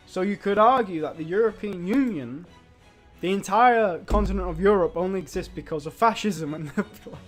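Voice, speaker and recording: A young British man in his twenties streaming a game, chatting casually in a mock-boastful, provocative way and laughing at his own jokes. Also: high-pitched. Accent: British English. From Britain.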